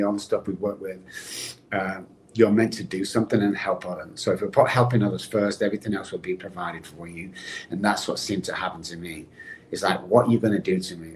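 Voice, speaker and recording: Lowish voice, middle-aged man, animated storytelling, podcast guest, faint background noise. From England. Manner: animated, personal storytelling, addresses the host by name. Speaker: guest, addiction recovery expert.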